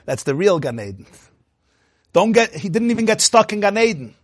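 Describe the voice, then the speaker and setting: A man teaching a Torah class as a rabbi, telling stories and acting out quoted speech with big jumps in pitch and loudness, thinking aloud with restarts. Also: sing-song, a little slow, long pauses, husky. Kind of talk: Torah lecture.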